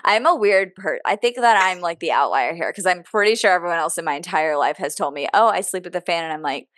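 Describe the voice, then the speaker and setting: A woman's voice: fairly low pitch, lively intonation, quick pace, fairly bright tone, no echo, clean studio sound. A woman co-hosting a casual chat podcast, talking in a chatty, wry way with sarcastic asides. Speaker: podcast co-host.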